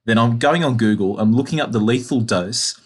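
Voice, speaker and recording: A man's voice: medium pitch, a little fast, breathy edge. An Australian man co-hosting a casual podcast, telling a work story with laughs and swearing. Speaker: podcast co-host. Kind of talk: casual chat.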